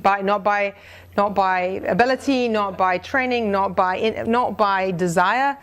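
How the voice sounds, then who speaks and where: A middle-aged woman gives an earnest, conversational mission testimony to a church group, her mid-range voice unhurried and fairly bright. She restarts often and reads a prayer aloud.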